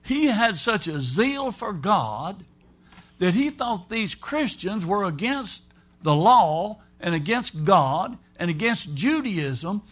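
A man with a high-pitched voice preaches a sermon. He talks in a folksy, emphatic way and slips into the voices of the people he quotes. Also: big pitch swings, slow, fairly bright tone.

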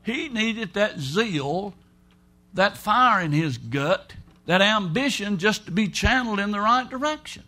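A man's voice: sits high, lively intonation, a little slow, bright, forceful tone. A man preaching a sermon in a folksy, emphatic way, acting out the voices of people he quotes.

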